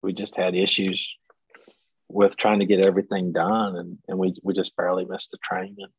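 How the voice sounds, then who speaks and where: A man with a low, husky voice spins a story on a podcast, acting out each person he quotes. The sound is close and dry, with no room around it. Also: dry recording, low-quality recording. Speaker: podcast guest. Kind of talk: casual storytelling.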